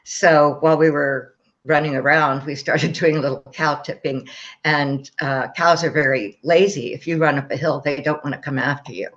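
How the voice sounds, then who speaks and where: A woman's voice: deep voice, fairly even intonation, moderate pace, a bit bright. An older woman telling a personal story in a rambling, casual way, with many fillers and a wry sense of humor. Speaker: guest telling her near-death experience. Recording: slightly dull, muffled sound.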